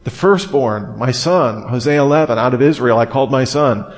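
A man's voice: medium pitch, moderate pace. A man preaching an expository sermon, emphatic and full of questions as he explains a passage. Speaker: preacher teaching on Romans. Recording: long reverb of a hall.

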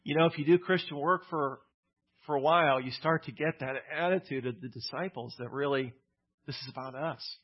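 A man's voice: fairly high pitch, brisk, husky, highs cut off. A male pastor preaching a sermon in a plainspoken, conversational way, with casual asides.

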